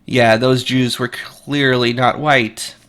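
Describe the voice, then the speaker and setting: Blunt, bright-voiced man. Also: medium pitch, flat delivery, slow. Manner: blunt and profane, rambling with restarts. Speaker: commentary channel host. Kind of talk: opinionated casual commentary.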